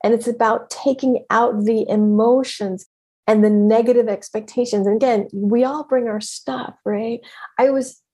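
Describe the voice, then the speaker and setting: A woman coach giving a motivational talk in an emphatic, animated way, laughing often. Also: fairly high pitch, normal speed, breathy edge.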